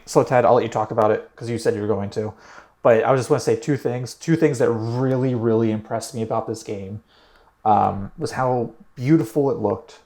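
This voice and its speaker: A young man co-hosting a casual gaming podcast speaks with a low-leaning, dark-toned voice. He's enthusiastic in the chat and repeats his emphasis words.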